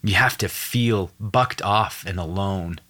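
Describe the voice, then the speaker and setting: Young adult man, podcast guest, earnest emotional storyteller, lowish voice, animated and acts out quotes. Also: slow.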